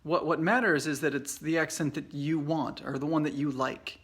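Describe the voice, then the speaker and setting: A man's voice: a little high, normal speed, slightly rough. Chatty American man teaching English. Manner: relaxed, chatty, many fillers and restarts. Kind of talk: casual video lesson. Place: away from home at a conference trip. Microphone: Facebook Live video.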